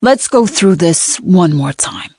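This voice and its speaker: A man's voice: high voice, expressive, slow, creaky, darkish tone, slightly rough, no room sound, clean studio sound, full character voice. A woman reading a drawling New York detective. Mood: probing. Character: gruff middle-aged male New York detective. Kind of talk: audiobook character reading.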